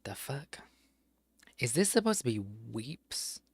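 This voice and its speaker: A man's voice: medium pitch, big pitch swings, slow pace, husky, no room sound. A man casually talking to himself during gameplay, spelling out words letter by letter and muttering as he works through crossword clues, with the odd curse of frustration. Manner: swears in mild frustration. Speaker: gaming streamer. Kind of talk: casual solo gameplay commentary.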